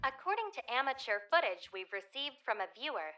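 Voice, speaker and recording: Crisp TV newsreader. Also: female voice, sits high, big pitch swings, fairly quick, pushed and bright, soft background music, heavily acted. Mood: formal. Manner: formal newsreader delivery. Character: crisp female TV news anchor.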